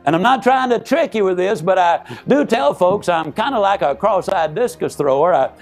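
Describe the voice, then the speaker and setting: A man's voice: high-pitched, animated, normal speed, faint music behind. Emphatic man giving a seminar. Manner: emphatic, folksy, addresses the audience directly. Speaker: motivational speaker. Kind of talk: motivational seminar speech. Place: live seminar stage.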